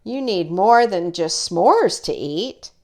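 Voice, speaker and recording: A woman's voice: on the low side, expressive, slow pace, darkish tone. A woman voicing a caring mother moose in a storybook reading, speaking in a soothing, motherly way.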